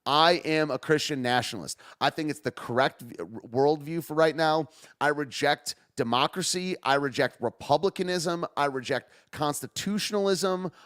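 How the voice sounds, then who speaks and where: A man's voice: fairly high pitch, moderate pace, a bit bright. A man hosting a podcast, talking in a sarcastic, rambling way and laughing at himself. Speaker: podcast host. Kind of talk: casual political podcast rant.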